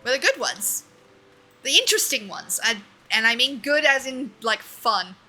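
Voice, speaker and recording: Young woman streamer, casual and profane, high bright voice. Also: expressive, normal speed. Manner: chatty, swearing, laughing often, talking to chat. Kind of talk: casual gaming livestream chat. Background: faint game music.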